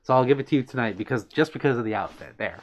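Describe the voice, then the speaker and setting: A livestream host with a medium-pitched voice talks rapid-fire and animatedly, reading viewer comments aloud in a casual stream. He's playful and giggly, bashfully brushing off any compliments.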